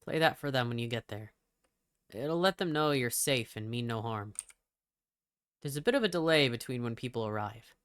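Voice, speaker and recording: A woman reading the lines of an injured man who calmly guides the player through an escape in a horror game. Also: rumbling low, moderate pace, clear, resonant tone, dry recording. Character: steady injured male companion, urging the player on.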